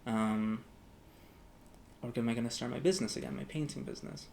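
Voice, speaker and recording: A man's voice: mid-range voice, fairly quick, vocal fry, a little mellow, slight background noise. A young man talking casually to camera as a vlogger, rambling with lots of "like" fillers and acting out both sides of past conversations. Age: young adult. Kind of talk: casual storytelling vlog.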